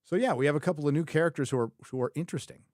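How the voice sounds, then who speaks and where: A man's voice: fairly high pitch, very fast, a little mellow, dry recording. Opinionated man on a dry mic. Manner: opinionated, repeats his own phrases for emphasis; rambling, thinks aloud, frequent self-corrections. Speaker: show host reviewing a TV series. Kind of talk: casual livestream commentary.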